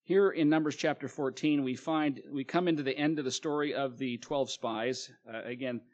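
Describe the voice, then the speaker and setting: A man's voice: medium pitch, fairly even intonation, normal speed, darkish tone, lo-fi sound. A male preacher reading scripture aloud and explaining it in a plain sermon, with fillers and restarts.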